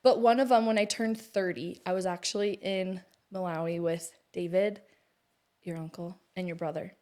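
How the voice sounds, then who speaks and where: A woman's voice: fairly low pitch, fairly even intonation, normal speed, mellow. A woman in her thirties, a guest in a casual conversation, telling personal stories in a chatty way and laughing easily. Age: 30s.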